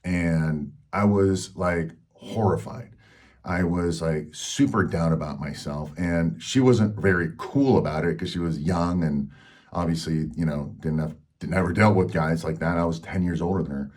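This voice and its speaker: A man's voice: sits low, a little slow, a little mellow. A man hosting a health channel, telling a personal story in a frank, rambling way with lots of fillers.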